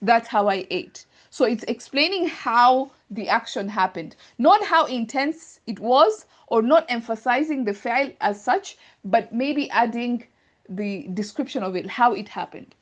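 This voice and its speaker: A woman's voice: on the high side, expressive, measured pace. A woman teaching Arabic grammar in an online class, explaining patiently step by step with examples over a video call.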